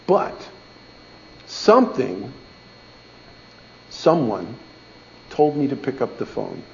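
Middle-aged man, gravelly voice, folksy church testimony, dull lo-fi recording. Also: medium pitch, big pitch swings, takes it slowly, a little hiss or hum. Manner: folksy, conversational, asks "okay?" often. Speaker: speaker giving a testimony in church. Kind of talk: storytelling sermon.

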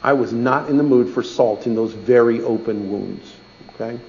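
Middle-aged man, gravelly voice, folksy church testimony, dull lo-fi recording. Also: medium pitch, moderate pace, a little mellow, slight background noise. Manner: folksy, conversational, asks "okay?" often. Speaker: speaker giving a testimony in church. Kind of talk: storytelling sermon.

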